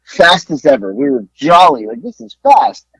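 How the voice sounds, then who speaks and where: A man co-hosting a podcast, telling a story in a casual, animated way and acting out the people he talked to on the phone. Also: on the high side, moderate pace, slightly rough, dry recording. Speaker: podcast co-host. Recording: dull lo-fi dry sound.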